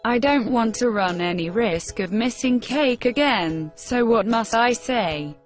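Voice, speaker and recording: Slow, careful woman reading a lesson. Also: a little high, expressive, faint music behind. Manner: measured, careful dictation pace. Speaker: English lesson reader. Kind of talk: slow textbook reading for learners.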